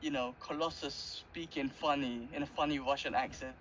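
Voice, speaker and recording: A man's voice: mid-range voice, steady tone, moderate pace, a bit bright. A man co-hosting a podcast, chatting animatedly about cartoons and laughing often. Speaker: podcast co-host. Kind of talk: casual chat. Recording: slightly dull audio with faint background noise.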